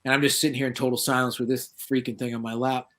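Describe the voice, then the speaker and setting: A middle-aged man from the northeastern United States tells his stories in a relaxed, anecdotal way. His voice sits at a moderate pitch. He becomes lively when he acts out the voices of people he quotes. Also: fast. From southeastern Massachusetts, USA. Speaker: guest paranormal researcher. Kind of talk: casual anecdotal storytelling.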